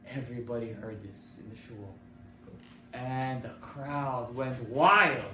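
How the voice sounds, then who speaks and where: Speaking slowly in a mid-range voice, a rabbi delivers a sermon with an emphatic storytelling style and poses questions to his listeners. The recording sounds distant, picked up in an echoey hall with faint background noise.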